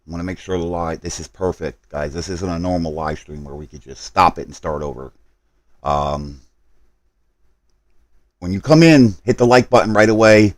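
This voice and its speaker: A man's voice: low-pitched, moderate pace, no echo. A man live streaming a game, talking to his chat while he hurries through setup and apologizes for his mistakes.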